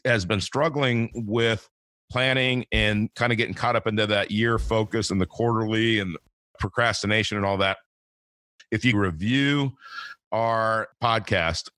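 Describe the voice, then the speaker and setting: A podcast host in his fifties interviews a guest in an easygoing, rambling style, full of fillers and repeated words. His voice is lowish and a bit bright, measured in pace, with no room sound in the recording.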